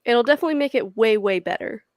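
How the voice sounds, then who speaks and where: Woman dm talking a game through, smooth clear voice, dry close mic. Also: fairly high pitch, fast, dry recording. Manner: relaxed explaining, many fillers. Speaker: dungeon master. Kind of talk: narrating a tabletop game.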